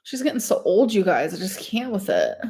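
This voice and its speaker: A woman's voice: medium pitch, wildly swooping pitch, fairly quick, dark tone. Young woman rambling to her stream chat, says like a lot, gushes over food. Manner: chatty and gushing, says "like" a lot. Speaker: streamer reading live chat. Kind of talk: casual livestream chat.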